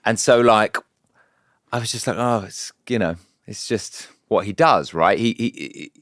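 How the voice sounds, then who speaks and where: A man being interviewed as a guest, talking in a relaxed, candid way with stammering restarts. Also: lowish voice, measured pace, no room sound, studio quality. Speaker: guest, show producer. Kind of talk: casual interview chat.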